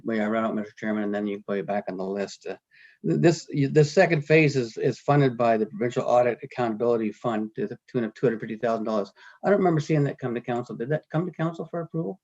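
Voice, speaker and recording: A man, a city councillor, asking questions at a meeting in a quick, stumbling way. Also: mid-range voice, a little mellow, highs cut off.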